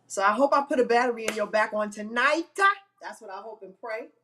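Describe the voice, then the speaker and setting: A woman's voice: on the high side, fairly quick, a bit bright, slight background noise. A woman hosting an inspirational live-stream talk, emphatic and given to repeating phrases for effect.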